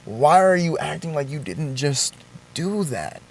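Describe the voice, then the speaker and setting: A young man vlogging a confessional story, shaken and halting, with swearing and frequent restarts. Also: a little high, very animated, gravelly.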